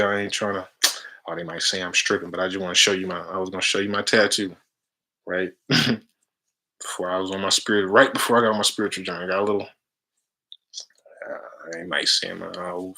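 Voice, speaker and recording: A man's voice: sits low, sharp tone. A man giving a casual, preachy spiritual talk to viewers, full of slang and frequent laughter. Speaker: spiritual chant leader.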